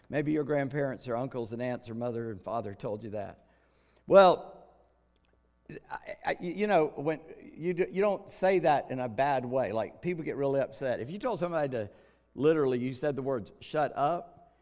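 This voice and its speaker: A middle-aged man preaches a sermon in a chatty, folksy manner, full of jokes and quick asides. His voice sits a little high for a man. A long reverb trails his words, as in a large hall. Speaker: pastor.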